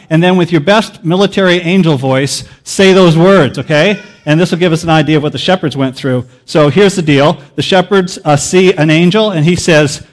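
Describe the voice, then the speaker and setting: Joking pastor with a high voice. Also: male voice. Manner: casual and joking, teacherly. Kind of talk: sermon. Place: church sanctuary.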